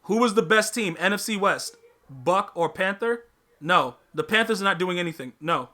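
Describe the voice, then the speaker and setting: A man's voice: sits high, animated, moderate pace, pushed and bright. A man hosting a live podcast stream, chatting casually with his viewers, using slang, repeating himself and teasing the chat.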